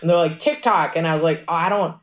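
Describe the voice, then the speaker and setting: A woman musician telling stories in a casual podcast interview, lively and chatty, acting out what people said. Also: low voice. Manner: animated storytelling, acts out quotes; fast and chatty, frequent "like". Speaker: musician guest.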